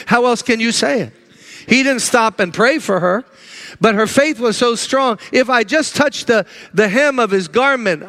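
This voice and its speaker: A high-voiced man preaches a heartfelt sermon from the pulpit. He swings between urgent, ringing declarations and quiet, hushed stretches, pleading with his listeners. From United States. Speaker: pastor.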